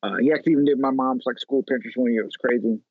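A man from Chicago in his thirties, a photographer telling animated stories with lots of fillers in a casual interview. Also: mid-range voice, racing, no room sound. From Chicago, USA. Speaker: photographer guest. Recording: tinny phone-like line, dry.

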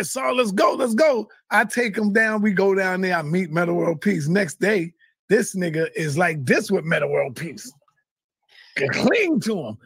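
Animated man, shouting and swearing. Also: high-pitched, husky, no room sound, studio quality. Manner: loud, shouts when telling the story; swears a lot, heated. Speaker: guest. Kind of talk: animated storytelling.

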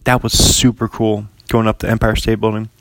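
A man's voice: lowish voice, level tone, a little fast, no echo. A young man chatting casually as a podcast host, rambling with lots of fillers and frequent laughs. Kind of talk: casual chat.

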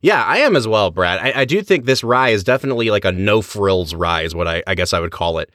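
A man's voice: lowish voice, expressive, fast talker, a bit bright, no room sound, studio quality. A man co-hosting a podcast, chatting enthusiastically with his co-host. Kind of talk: casual chat.

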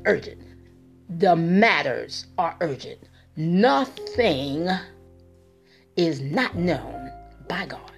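A woman preaching a podcast sermon, insistent and repeating key words for emphasis, then leading a prayer. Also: fairly low pitch.

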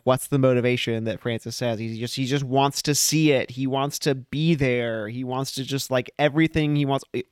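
A man's voice: mid-range voice, smooth, no room sound. Hesitant podcast man, dry sound. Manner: hesitant, lots of fillers and restarts. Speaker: podcast co-host. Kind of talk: casual chat.

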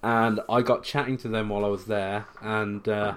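A man's voice: lowish voice, little pitch movement, moderate pace, a bit bright, smooth. Rambling man telling stories on a podcast. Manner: rambling storyteller, many fillers and restarts. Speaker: podcast co-host. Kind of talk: casual chat.

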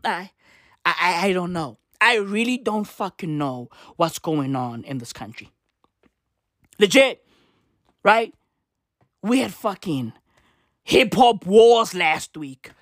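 A man's voice: high voice, dry recording, clean studio sound. A man with a South African accent giving a profane, exasperated comedic rant full of slang. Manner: animated, exasperated, slangy, frequent laughter. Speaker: comedic commentator.

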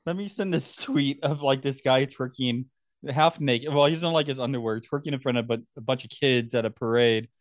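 A man's voice: medium pitch, moderate pace, no room sound. A man co-hosting a podcast, teasing his friends and giggling as he talks. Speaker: podcast co-host. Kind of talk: casual chat.

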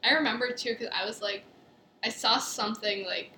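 A young adult woman, a guest on a casual podcast, chiming in with quick, giggly interjections. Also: on the high side, sharp tone, a little hiss or hum. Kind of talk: casual chat. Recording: roomy echo.

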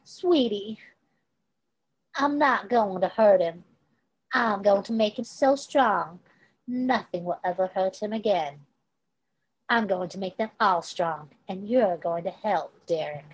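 A woman voicing a cruel, mocking villainess with syrupy, drawn-out endearments in an amateur fan-fiction reading. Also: medium pitch, breathy edge, poor audio. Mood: mocking sweet. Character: menacing sweet-talking villainess, cruel and mocking.

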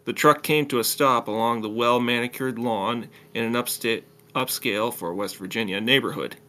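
A man's voice: mid-range voice, moderate pace, bright, forceful tone. Man reading a story aloud. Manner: plain narration with small stumbles and restarts. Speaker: story reader.

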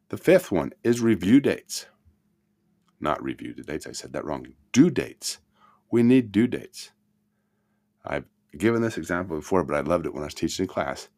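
A man teaching a self-help lesson in a motivational talk, swinging between loud emphasis and soft murmurs. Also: low-pitched, big pitch swings, normal speed, pauses often.

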